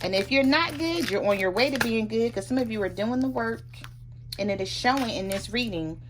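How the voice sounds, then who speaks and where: A woman's voice: a little high, animated, noisy background. A woman giving a casual tarot reading to her viewers, chatting freely and acting out what both partners might say. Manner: chatty, acts out both sides of a relationship in quick asides. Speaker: tarot reader.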